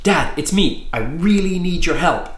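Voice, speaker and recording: A frantic, earnest teenage boy, put on by a man reading a storybook, lifted higher than a grown man's speaking voice. He pleads in urgent, breathless bursts. The sound carries a roomy echo. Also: expressive, measured pace. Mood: pleading.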